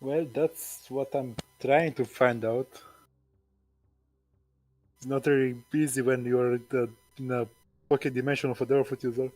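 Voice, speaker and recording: A man's voice: mid-range voice, fairly even intonation, unhurried, pauses often, darkish tone, faint music behind. A man playing his character in a tabletop game, talking in a casual, reassuring way. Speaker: player. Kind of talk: in-character role-play.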